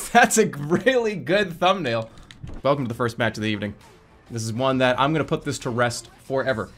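Excitable joking male game streamer. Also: mid-range voice, brisk, faint music behind. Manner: excitable, joking, swings from mumbling to shouting. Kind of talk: casual gaming stream commentary.

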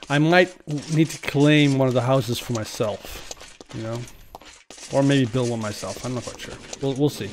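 Man, mid pitch, casual let's-play commentator, rambling and friendly with the game characters, faint hiss. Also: moderate pace. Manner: chatty, talks to game characters.

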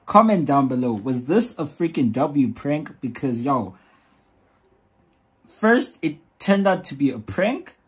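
A man hosting a reaction video, talking in an excited, repetitive way and urging viewers to comment. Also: on the high side, slow pace, slightly rough. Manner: excited, repeats "yo" and "comment down below".

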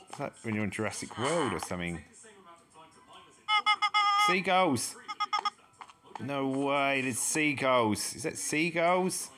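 Slow, low-voiced man exploring a game. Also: fairly bright tone. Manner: chatty, exclaims at each discovery. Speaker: gaming channel host. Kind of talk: casual let's-play commentary.

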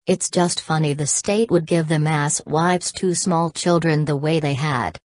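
A woman voicing a cold, boastful young male villain in an audiobook, reading in a flat, literal way. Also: sits low, unhurried, no echo. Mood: cold, taunting. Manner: reads punctuation marks aloud.

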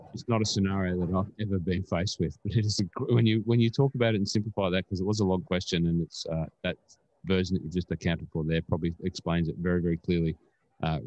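A man's voice: low voice, fairly even intonation, quick pace, darkish tone, no room sound, dull audio. An Australian man co-hosting a podcast, chatting casually and rambling with plenty of fillers. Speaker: podcast co-host.

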